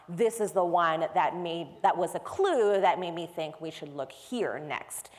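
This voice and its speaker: A woman's voice: lowish voice, lively intonation, moderate pace, hardly any pauses, darkish tone. A woman giving a technical conference talk, explaining step by step in a conversational way. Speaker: conference speaker. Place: large conference hall. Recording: long hall reverb.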